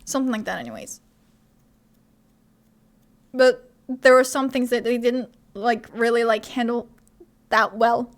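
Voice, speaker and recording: Role: streamer. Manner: chatty, rambling. Pitch: high. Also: female voice, lively intonation, a little slow, pauses often. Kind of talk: casual commentary while dubbing a game.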